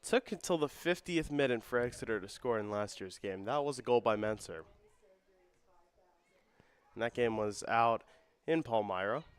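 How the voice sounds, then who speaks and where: A young man doing play-by-play for a student soccer broadcast. His voice climbs and quickens as the attacks build. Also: medium pitch, expressive, smooth. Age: young adult. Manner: rises and speeds up with the action. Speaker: play-by-play commentator. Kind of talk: student sports commentary.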